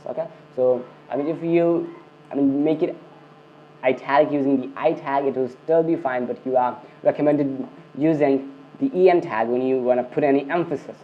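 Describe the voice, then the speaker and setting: A man's voice: medium pitch, slight background noise. A man giving a screencast coding lesson, filling his talk with "okay" and "I mean" and often restarting his sentences. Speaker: coding tutor. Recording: dull lo-fi recording.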